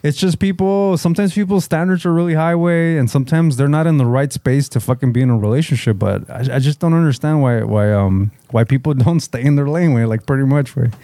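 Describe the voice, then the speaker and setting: A man's voice: on the high side, a little fast, few pauses, mellow, dry recording. A man, co-hosting a casual podcast chat, laid-back and profane, mixing Spanish slang into his English. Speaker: podcast co-host.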